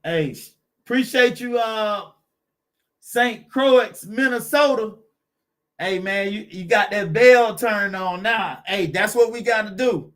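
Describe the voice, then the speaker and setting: A man's voice: sits high, slow, a bit bright. A man hosting a car channel live stream, chatting with viewers in a laid-back, encouraging way and greeting them by name.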